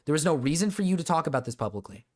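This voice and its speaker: A man's voice: on the high side, very animated, rapid-fire. Man ranting in exasperated reaction. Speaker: streamer reacting to a video. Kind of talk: reaction commentary.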